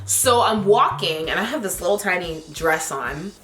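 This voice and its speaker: A woman vlogger telling stories to her viewers in a chatty, animated way, full of filler words. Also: on the low side, moderate pace, reverberant, faint music behind. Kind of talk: casual storytelling to camera.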